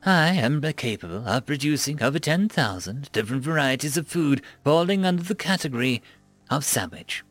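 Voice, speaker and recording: A man's voice: mid-range voice, expressive, moderate pace, fairly bright tone, no room sound, faint music behind. A man voicing a smug, overly polite male food-dispenser machine in a story reading. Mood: prim. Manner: prim, customer-service politeness, sly. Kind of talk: story narration.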